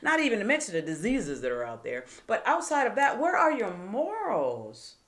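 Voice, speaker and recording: A woman's voice: mid-range voice, wildly swooping pitch, moderate pace, fairly bright tone. A woman hosting a live advice show, talking emphatically and asking rhetorical questions. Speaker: host.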